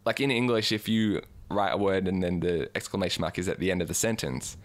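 A man with a low voice and a brisk pace co-hosts a podcast. His casual chat rambles and hesitates, packed with fillers.

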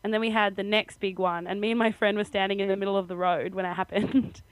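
A woman's voice: medium pitch, little pitch movement, quick pace, dry recording, low-quality recording. A young Australian woman co-hosting a podcast, telling a story in casual chat with frequent laughter. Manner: chatty storytelling, laughs often. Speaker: podcast co-host.

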